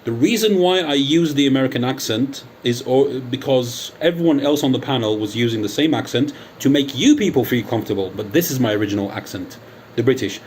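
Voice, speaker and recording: A man's voice: mid-range voice, lively intonation, a little fast, darkish tone, slight background noise. A man from the United Kingdom delivering an angry callout monologue as a channel host, taunting and combative, drawing out key words for dramatic emphasis. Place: Athens, Greece.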